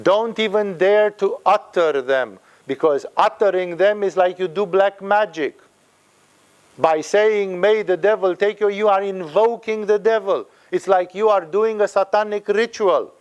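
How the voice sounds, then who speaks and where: A man's voice: high voice, smooth, dull audio. A man giving a spiritual talk, emphatic and fond of acting out the people he quotes. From Romania. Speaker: spiritual teacher.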